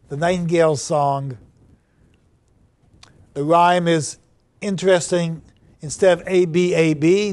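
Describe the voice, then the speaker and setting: Male lecturer, slightly high voice, unhurried measured delivery, reads verse with rising stress. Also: a little mellow. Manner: slow, deliberate, reads verse aloud with rising emphasis. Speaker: university lecturer. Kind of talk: classroom lecture on poetry. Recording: 2009 classroom lecture recording.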